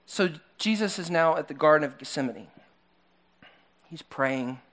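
A male pastor preaching a sermon in a church hall, retelling a story with animated, acted-out voices. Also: fairly high pitch, a little slow. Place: church hall with slides on a screen.

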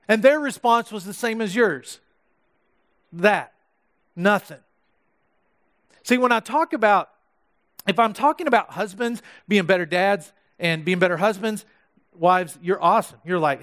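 A man's voice: sits high, normal speed, fairly bright tone. A male pastor preaching a sermon, retelling a story and acting out the quotes with animation.

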